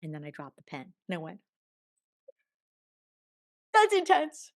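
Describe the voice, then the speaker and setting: Expressive woman telling a spiritual story. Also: deep voice, quick pace, dry recording, clean studio sound. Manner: expressive, swinging from hushed murmurs to bright exclamations; chatty, tumbling run-on sentences. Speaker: podcast guest.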